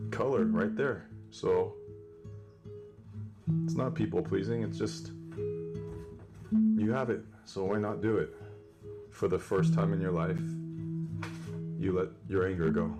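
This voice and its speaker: Young male comic, slightly low voice, earnest rambling painter-guru monologue. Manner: earnest self-help delivery, rambling with restarts. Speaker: comedic painter. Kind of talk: mock painting tutorial monologue.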